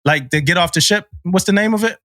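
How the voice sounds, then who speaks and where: A man's voice: high voice, quick pace, bright, forceful tone, no echo, clean studio sound. A man chatting casually on a podcast, telling stories with slang and frequent laughter. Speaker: podcast co-host, Navy sailor. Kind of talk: casual chat.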